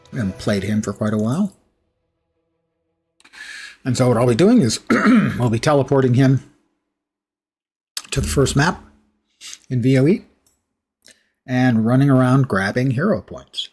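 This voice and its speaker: A man with a husky, raspy voice, clearing his throat often, giving chatty live commentary while streaming a game. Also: medium pitch, animated, unhurried, long pauses, darkish tone, faint music behind.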